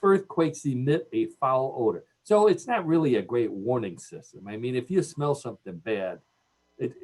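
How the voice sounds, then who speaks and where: A man's voice: medium pitch, expressive, moderate pace, darkish tone, husky. A man with a Cleveland accent hosting a radio show, joking and laughing at his own jokes. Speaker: radio host. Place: radio studio.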